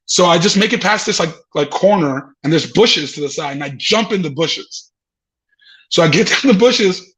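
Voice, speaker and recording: High-voiced man telling a wild story. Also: lively intonation, moderate pace, fairly bright tone, low-quality recording. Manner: swearing, laughing mid-story, acting out voices. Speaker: comedian guest. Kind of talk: animated storytelling.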